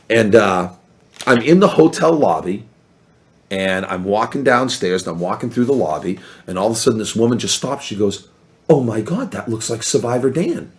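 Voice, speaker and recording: A man telling stories as a guest on a podcast, his voice swinging up and down in pitch and acting out the people he met. His delivery is animated and casual. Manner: animated, acts out other people's lines. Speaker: podcast guest, former reality show contestant. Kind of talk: casual storytelling chat.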